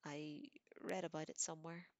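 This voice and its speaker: Woman reading as a scared teen boy, hurried and defensive, low voice, storybook. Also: level tone, no room sound. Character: frightened teenage boy wizard, guilty and defensive.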